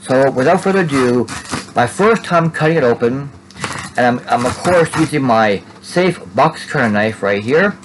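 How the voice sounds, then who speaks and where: A man's voice: medium pitch, lively intonation, moderate pace, background noise. A man casually narrating an unboxing at home, rambling and tacking "there" onto his sentences. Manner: rambling, repeats "there" and restarts often. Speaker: Funko collector vlogger.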